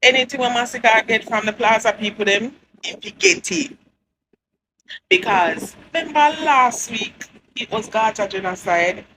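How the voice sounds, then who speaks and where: A woman's voice: a little high, measured pace. A woman with a Jamaican accent, giving chatty, mocking entertainment news commentary and laughing often. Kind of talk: casual commentary. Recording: noticeable background noise.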